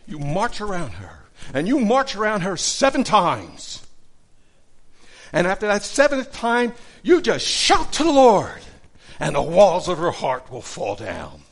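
A man putting on a fiery male preacher who shouts rousing commands at a congregation. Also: wildly swooping pitch, takes it slowly, breathy edge, exaggerated voice. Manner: booming, rousing.

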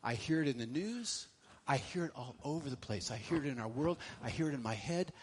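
Delivering a sermon, this middle-aged pastor alternates between booming emphasis and quiet lines, repeating phrases for impact. The mid-range voice is expressive and a little fast, with slight background noise.

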